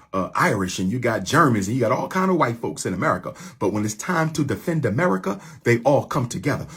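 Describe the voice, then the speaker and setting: A man's voice: mid-range voice, slightly rough. A man delivering an impassioned, preachy rallying address to his followers, repeating his lines for emphasis. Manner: preachy, repetitive call-and-response phrasing.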